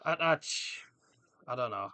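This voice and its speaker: A man hosting a casual live football watchalong, chatting in a rambling, jokey way and reacting loudly to the game. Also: mid-range voice, animated, unhurried, dull audio. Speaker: livestream host. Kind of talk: casual match watchalong chat.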